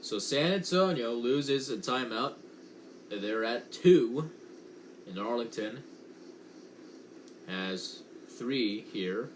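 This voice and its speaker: A young man calls a football game from home in a slow, unhurried way, stopping to correct himself and make chatty asides. His voice sits at an ordinary middle pitch. A faint hum of room noise sits under the recording. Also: animated. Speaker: amateur play-by-play commentator. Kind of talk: casual watch-along commentary.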